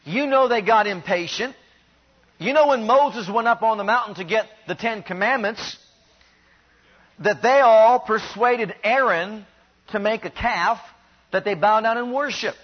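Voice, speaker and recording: A high-pitched male preacher delivers a sermon with animated emphasis, pushing up to loud peaks and sinking to quiet, low lines. The recording is dull and lo-fi. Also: a little slow, breathy edge.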